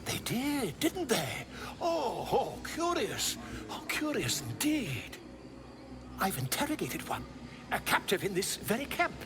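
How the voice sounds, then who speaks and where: A man's voice: high voice, wildly swooping pitch, slow pace, background noise, heavily acted. A man voicing a flamboyant, pompous bard who speaks theatrically.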